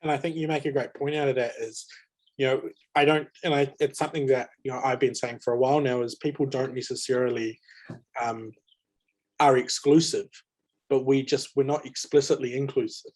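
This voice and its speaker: A man moderates a panel discussion over a video call mic. He sounds conversational and mid-pitched, and he often restarts his sentences. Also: steady tone, fairly quick, a little mellow. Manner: conversational, many fillers and restarts. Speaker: webinar moderator.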